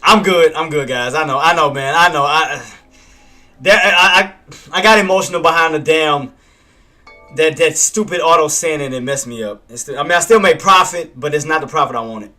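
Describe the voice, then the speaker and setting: A man's voice: a little high, moderate pace, pushed and bright, soft background music. A man doing casual live trading commentary, who swears at himself and keeps talking himself down. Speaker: day trader streaming live commentary.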